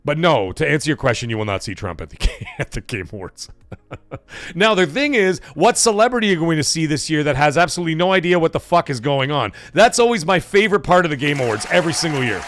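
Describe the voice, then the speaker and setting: A man's voice: fairly high pitch, very animated, quick pace, a bit bright. A man hosting a casual live stream, rambling, swearing and saying "like" a lot. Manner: rambling, swears, heavy use of "like". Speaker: livestream host.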